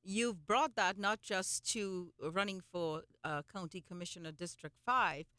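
A host interviewing a political candidate, chatting and encouraging with quick affirmations. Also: medium pitch, sharp tone, clean tone, no room sound, studio quality. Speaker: radio show host. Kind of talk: casual interview.

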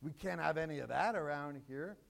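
A man's voice: a little high, brisk, gravelly. A pastor preaching a sermon, acting out scripture quotes and repeating his points for emphasis. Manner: dramatic, quotes scripture in acted voices.

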